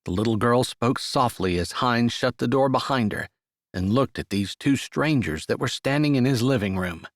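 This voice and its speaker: A man narrates a scripted romance audiobook in a steady, measured storytelling voice. He speaks in a mid-range register, and the recording is dry with clean studio sound.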